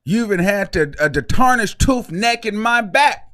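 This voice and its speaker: Brief: high-pitched male gossip host, sassy and outspoken, dry close sound. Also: lively intonation, moderate pace, fairly bright tone, no echo. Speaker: celebrity gossip commentator. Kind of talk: casual commentary vlog.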